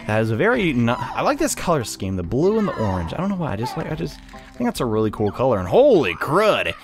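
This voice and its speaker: A man's voice: mid-range voice, wildly swooping pitch, fast talker, music in the background. A man giving casual gameplay commentary, chatty and self-deprecating, laughing often at his own mistakes. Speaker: let's play commentator.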